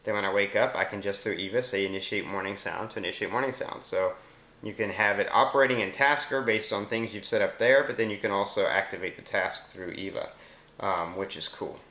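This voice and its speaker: A fairly low-voiced man with a Southern US accent walks through a phone app in a relaxed, explanatory way. He pauses to say voice commands slowly and deliberately. The recording has a roomy echo. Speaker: app demonstrator. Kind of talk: casual screen demo narration.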